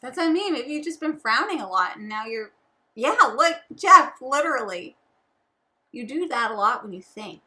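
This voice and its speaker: A woman's voice: on the high side, animated, normal speed, bright, forceful tone. A woman co-hosting a casual board game chat, playful and teasing as she talks. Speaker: board game channel co-host.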